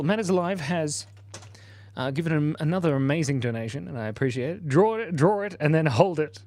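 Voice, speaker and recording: Man, livestream host, playful, chatty, laughs often, mid-pitched voice. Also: darkish tone, no echo. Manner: reads viewer comments aloud. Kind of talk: casual live-stream chat while drawing.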